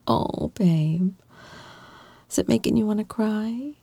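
A woman plays a loving girlfriend in a whispered role-play, soothing her partner with a soft, reassuring manner. The voice is mellow and unhurried, with a breathy edge. It sits close and dry, with no room around it. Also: mid-range voice, dry recording, full character voice. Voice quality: soft, gentle, reassuring, playfully teasing. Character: affectionate young adult girlfriend comforting her partner.

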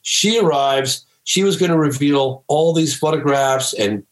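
A man's voice: a little high, measured pace. Emphatic storytelling man in a roomy space. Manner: emphatic, breaks into excited shouts when telling stories. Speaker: documentary filmmaker guest. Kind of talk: animated storytelling in a podcast interview.

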